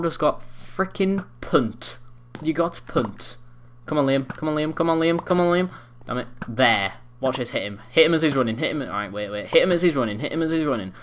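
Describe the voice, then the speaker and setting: Teen boy, gameplay commentary, excitable, sweary trash talk, middle pitch, faint keyboard clicks. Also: normal speed, a little hiss or hum. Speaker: gaming commentator.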